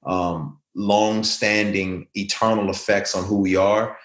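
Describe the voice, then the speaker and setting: A man's voice: lowish voice, little pitch movement, slow pace, fairly bright tone, echoey room. A man speaking as an interview guest, earnest and reflective, telling stories in a conversational way.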